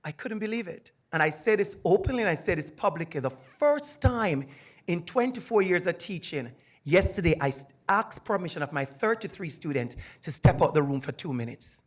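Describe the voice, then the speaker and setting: Animated man with a Jamaican accent. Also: high-pitched, normal speed. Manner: animated and emphatic. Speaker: university lecturer on a panel. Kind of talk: personal testimony at a panel discussion.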